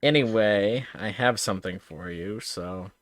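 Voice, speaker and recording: A man's voice: fairly low pitch, a little slow, no echo, clean studio sound. A man talking casually as a player in a tabletop role-playing game, self-deprecating and prone to laughter and stammering.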